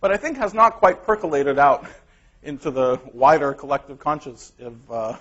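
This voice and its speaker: Man lecturing, fairly high voice, energetic and emphatic, dull lo-fi recording. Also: normal speed. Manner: energetic, emphatic, laughing at his own remarks. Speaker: guest lecturer. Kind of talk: academic colloquium lecture. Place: lecture hall. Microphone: clip-on microphone.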